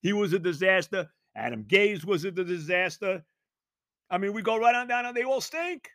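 A man with a high, bright voice rants through a sports talk monologue, exasperated and sarcastic. He fires off one rhetorical question after another. The sound is dry and close. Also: lively intonation, moderate pace, dry recording. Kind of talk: ranting sports commentary monologue.

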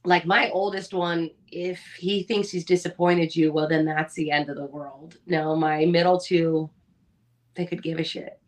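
A woman's voice: sits low, steady tone, a little slow. A woman in her thirties, a mother of four, talking candidly and with animation in a casual chat, swearing now and then. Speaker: podcast co-host.

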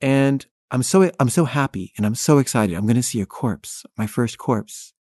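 A man's voice: medium pitch, animated, normal speed, darkish tone. A man tells a first-person story in a candid, wry way, with an easy mid-range voice. He laughs at himself as he goes. The sound is dry, with no room echo. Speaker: filmmaker telling a personal story.

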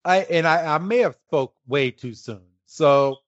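A man's voice: on the high side, unhurried, no room sound, lo-fi sound. A man hosting a casual podcast, joking around and laughing easily with his co-host. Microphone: remote call line.

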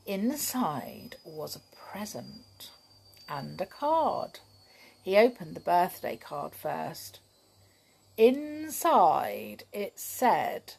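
A woman's voice: fairly low pitch, big pitch swings, extremely slow, gravelly, a little mellow, slightly rough. A woman reading a children's story and chatting playfully with young listeners.

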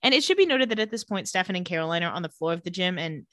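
A woman co-hosting a podcast, recapping a TV episode in casual chat and quoting the characters with animated voices. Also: lowish voice, very fast, no echo, studio quality.

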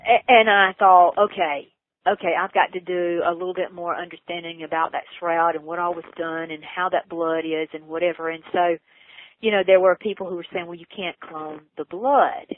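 A woman earnestly telling a personal story in an interview, her voice leaping high when she gets excited. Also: normal speed. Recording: tinny phone line, dry.

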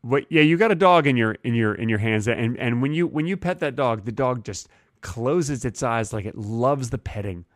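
A middle-aged man trading improvised comedy banter on a podcast, stating absurd things with flat, insistent conviction. His voice sits at a middling pitch. The sound is close and dry, with no room echo. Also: normal speed. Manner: deadpan absurd claims, insistent. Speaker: podcast co-host.

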